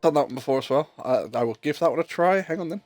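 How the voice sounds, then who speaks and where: A man chats while he streams a game, rambling and swearing casually as the hiccups keep bothering him. His voice sits a little high. It sounds dry and close, with faint music underneath. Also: expressive, fast talker, darkish tone, no room sound. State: has the hiccups. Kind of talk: casual livestream chat while gaming.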